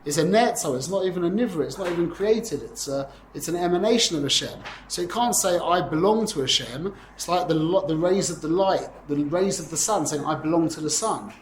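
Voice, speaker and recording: Guy teaching a torah class, animated, lots of restarts, echoey room. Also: a little high, brisk, hardly any pauses, a little hiss or hum. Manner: animated, uses Hebrew and Yiddish terms, frequent self-corrections. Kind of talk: lively class teaching Tanya. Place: classroom with students.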